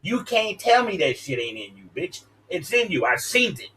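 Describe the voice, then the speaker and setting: Heated male streamer, fairly high voice, swearing constantly, wrestling-promo energy. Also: big pitch swings, moderate pace, bright, forceful tone, a little hiss or hum. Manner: profane, agitated, preachy, wrestling-promo delivery. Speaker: streamer in a live call. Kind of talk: heated casual rant.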